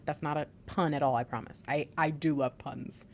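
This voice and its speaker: A woman's voice: deep voice, steady tone, normal speed. Woman tarot reader, chatty, emphatic, talks to viewers directly. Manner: chatty, emphatic, laughs often; addresses viewers directly, warm teasing asides. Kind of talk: spiritual tarot reading.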